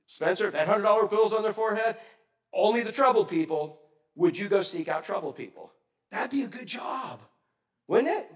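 A man preaching a sermon in a conversational way, quizzing the congregation and swinging between loud and soft. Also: high voice, lively intonation, fairly quick. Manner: asks the congregation questions. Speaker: pastor.

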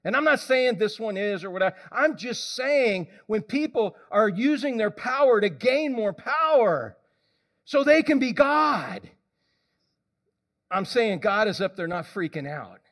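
A male preacher giving a lively, conversational sermon, often questioning the congregation. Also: sits high, measured pace.

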